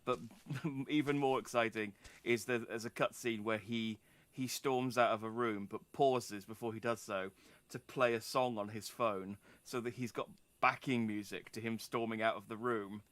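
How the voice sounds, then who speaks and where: A man's voice: medium pitch, steady tone, normal speed, a bit bright, no echo. Playful man streaming a game. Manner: playful, joking, laughs often. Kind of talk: let's play commentary.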